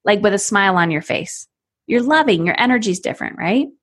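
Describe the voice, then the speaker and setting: A woman's voice: mid-range voice, fairly quick. A woman in her thirties, a parenting coach, talking in a podcast conversation and acting out little scenes in different voices. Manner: animated, acts out scenes with voices.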